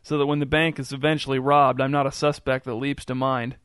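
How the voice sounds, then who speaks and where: A deadpan robber hiding in the woods, read by a man in a storybook reading, calm and businesslike. The voice is smooth and monotone, with a dry, close sound. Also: medium pitch, brisk, dry recording, close to an everyday voice.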